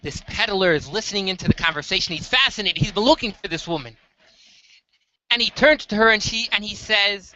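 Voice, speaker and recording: Animated storytelling teacher, lo-fi recording. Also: mid-range voice, brisk, dry recording. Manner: animated storyteller, acts out the dialogue. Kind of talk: storytelling lesson.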